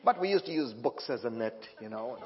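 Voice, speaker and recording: A middle-aged man preaching a sermon as guest preacher, telling a personal story with emotion and building to loud proclamations, on a church microphone. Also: mid-range voice, lively intonation, a little fast. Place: church sanctuary. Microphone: handheld or stand microphone. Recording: dull sound with long hall reverb.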